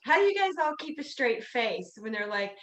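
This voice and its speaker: Woman cohosting a chatty podcast, high voice, giggly and playful. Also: very animated, moderate pace, fairly bright tone, dull audio. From United States. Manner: playful, laughs through her lines. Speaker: podcast co-host. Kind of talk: casual podcast chat.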